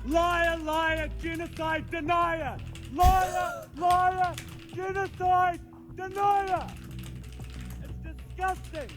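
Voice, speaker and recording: A woman protester shouting accusations at a politician and chanting the same words again and again. Her voice is very high, and clear music plays behind her in the clip. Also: little pitch movement, very slow.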